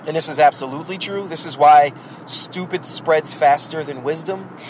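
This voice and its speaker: A man's voice: on the high side, normal speed, darkish tone, a little hiss or hum, low-quality recording. A man hosting a podcast, talking bluntly and at length about raising kids in a casual, opinionated monologue. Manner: rhetorical, addresses the listener directly. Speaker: podcast host; parent.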